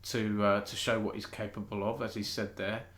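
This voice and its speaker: A man's voice: lowish voice, level tone, moderate pace, a bit bright, echoey room. Chatty British man hosting esports news. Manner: chatty, self-interrupting, thinks aloud. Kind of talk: casual live-stream news chat.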